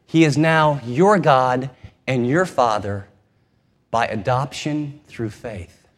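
A man preaching a sermon, retelling a scripture story in an animated way and acting out its scenes, in a long hall reverb. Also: mid-range voice, slow. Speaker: pastor.

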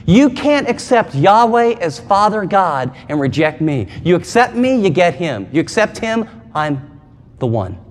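A man's voice: sits high, sing-song, unhurried. A man preaching a sermon as pastor, emphatic and conversational, with dramatic asides. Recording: long hall reverb.

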